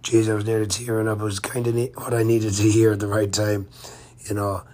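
Male cyclist vlogger, low flat delivery, rambling casual diary talk. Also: fairly quick. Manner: rambling and chatty, with many fillers and restarts. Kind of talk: casual travel-diary narration.

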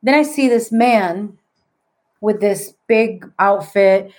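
A woman's voice: mid-range voice, takes it slowly, a little mellow. A middle-aged woman, a podcast guest, telling a story in casual conversation and acting out the people she quotes.

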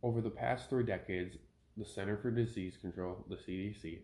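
Male podcast host, deep voice, opinionated reader, echoey home room. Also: steady tone, normal speed, a little mellow. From Minnesota. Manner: opinionated, ranting, self-correcting. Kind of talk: casual podcast commentary, reading an article aloud. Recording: roomy home podcast recording.

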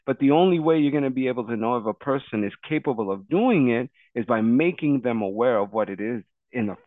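A man's voice: medium pitch, dry recording. Emphatic man on a tinny line. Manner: emphatic, advising, repeats phrases for stress. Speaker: podcast co-host. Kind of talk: candid podcast conversation. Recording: thin phone-like dry sound.

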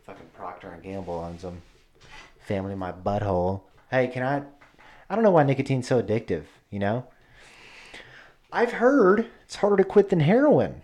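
A man's voice: medium pitch, very animated, normal speed, a little mellow. Rambling, profane podcast guy. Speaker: podcast co-host. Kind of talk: casual podcast chat.

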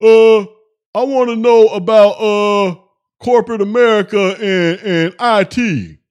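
A man's voice: sits high, fairly even intonation, a little slow, a little mellow, clear, resonant tone, muffled recording. A man mimicking a whiny male chatter.

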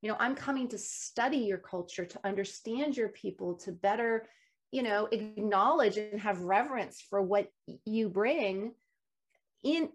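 A woman in a casual conversation, telling stories in an animated, emphatic way. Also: medium pitch, a little slow, breathy edge, soft background music. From United States. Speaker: guest.

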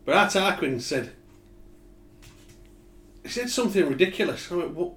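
A man's voice: on the high side, expressive, moderate pace, fairly bright tone. A man, co-hosting a casual chat and telling anecdotes with swearing and laughs. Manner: storytelling, swears, laughs often. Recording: echoey room.

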